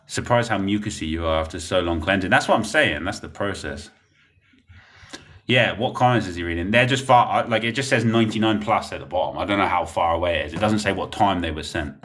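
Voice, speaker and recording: A man's voice: low voice, a little fast, a bit bright. A young man, chatting bluntly and rambling while reading comments on a livestream. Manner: blunt, rambling, laughs often.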